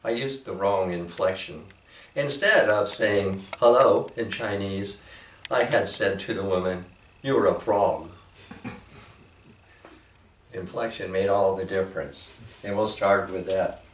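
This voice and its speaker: A man giving a reflective, unhurried talk, with measured pauses and frequent fillers. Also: low-pitched, fairly bright tone, a little hiss or hum. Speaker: speaker presenting a painting. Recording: roomy echo from a distant mic.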